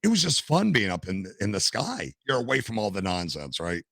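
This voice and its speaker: Older male guest, low gravelly voice with a bright edge, animated storyteller. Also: a little fast, no echo. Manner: animated storyteller, acts out quotes. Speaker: podcast guest, gamer and streamer. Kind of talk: casual storytelling interview.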